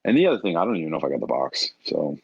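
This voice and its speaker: A man's voice: sits low, very animated, rapid-fire, creaky, husky, no echo, muffled recording. A man co-hosting a podcast, chatting loosely and swearing freely. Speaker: podcast co-host. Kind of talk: casual chat. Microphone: online call recording.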